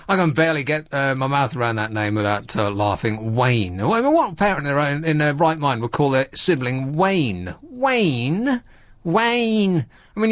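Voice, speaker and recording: A man's voice: a little high, fairly bright tone, no room sound. Wry male radio host. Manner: sarcastic, mocking asides. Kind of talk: casual comic radio monologue.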